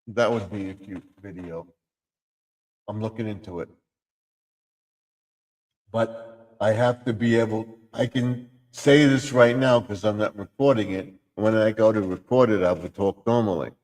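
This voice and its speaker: Low-voiced man rambling on a live stream. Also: a little slow, pauses often, darkish tone, long reverb tail. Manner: rambling, trying out silly voices. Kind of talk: casual live stream chat.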